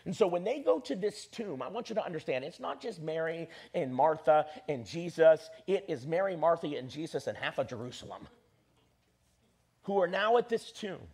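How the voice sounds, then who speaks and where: A pastor preaching an animated sermon and leading his congregation in call-and-response. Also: a little high, normal speed, slightly rough.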